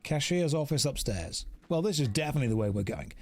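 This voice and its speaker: A man's voice: a little high, expressive, quick pace, darkish tone. An Englishman with an English accent, casually commentating his game stream in a joking, self-mocking way.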